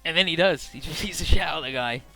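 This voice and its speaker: A man's voice: on the high side, quick pace, bright, forceful tone, soft background music. A young man giving casual, rambling and profane commentary over a video game playthrough. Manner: rambling, profane, jokey retelling. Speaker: Let's Play commentator.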